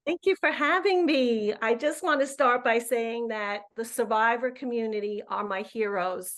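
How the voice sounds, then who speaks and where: A woman's voice: fairly high pitch, normal speed, fairly bright tone. A woman in her fifties calling in to a live show as a coach, effusive and emphatic, often repeating words as she goes. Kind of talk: live call-in chat.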